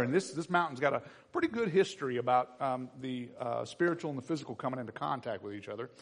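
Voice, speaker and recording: A man preaching a sermon to his church, animated and acting out the voices of everyday people. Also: medium pitch, quick pace, hardly any pauses. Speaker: pastor. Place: church sanctuary. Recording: long reverb in a church hall.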